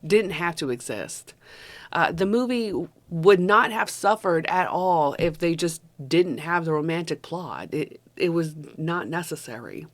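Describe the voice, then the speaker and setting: A woman's voice: on the low side, lively intonation, measured pace, few pauses. A young woman giving a casual spoken film review, chatty and self-correcting, with fillers and the odd swear. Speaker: movie reviewer.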